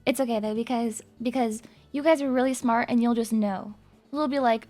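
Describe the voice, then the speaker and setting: Young woman, high-pitched, playful, excitable, swearing, casual streamer chat, faint music behind. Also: normal speed. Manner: playful and excitable, swearing, bursts into loud screams and laughs. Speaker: livestreamer.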